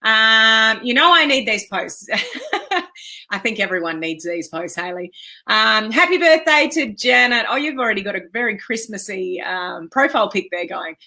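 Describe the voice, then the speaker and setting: A woman's voice: on the high side, very animated, moderate pace, pushed and bright. A woman with an Australian accent hosting a casual live stream, chatty and upbeat, greeting viewers by name and laughing often.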